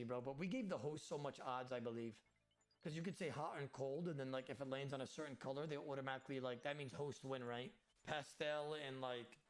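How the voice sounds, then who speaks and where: A man chatting casually to his livestream chat while gaming, animated and swearing freely. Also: medium pitch. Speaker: game streamer.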